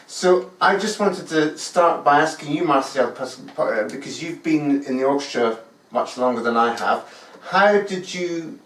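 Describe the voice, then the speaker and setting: A man's voice: fairly high pitch, expressive, unhurried, a bit bright. A man, an orchestral musician and course tutor, leads a casual online talk with friendly questions. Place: room in rural France. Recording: roomy, distant mic.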